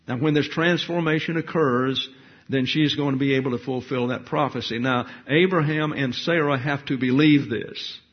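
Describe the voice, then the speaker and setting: Male Bible teacher, husky tone, emphatic and deliberate, dull lo-fi recording. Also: mid-range voice. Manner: deliberate, emphatic, reads scripture aloud. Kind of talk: sermon-style Bible study.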